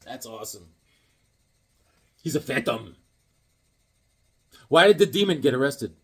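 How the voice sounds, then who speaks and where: Jokey husky man showing off comics. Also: mid-range voice, animated, unhurried, a bit bright. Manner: jokey, tells dad jokes and rambling stories. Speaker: comic collector. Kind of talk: casual chat while unboxing comics.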